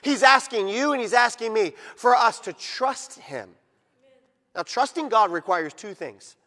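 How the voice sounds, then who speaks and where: A man preaching a sermon as pastor, emphatic, swinging from loud to hushed and drawing words out for stress, in a church sanctuary. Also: very high-pitched, expressive, unhurried. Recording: long reverb of a large hall.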